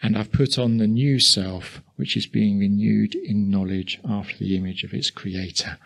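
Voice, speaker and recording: Gravelly older Essex man preaching. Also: fairly low pitch. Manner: conversational, with asides and quick chuckles. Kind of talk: sermon.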